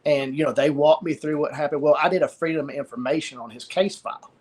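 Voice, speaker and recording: A middle-aged man with a somewhat high voice tells a personal story as an interview guest. He speaks haltingly and often repeats words and short phrases as he goes. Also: steady tone, a little mellow, slightly rough.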